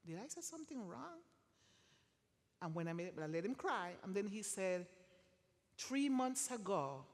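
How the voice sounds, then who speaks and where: A woman telling a story from a chapel pulpit, acting out the dialogue as she goes. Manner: storytelling, acts out dialogue with lively swings in pitch. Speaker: chapel speaker. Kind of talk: testimony sermon. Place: university chapel. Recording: long reverb of a large hall.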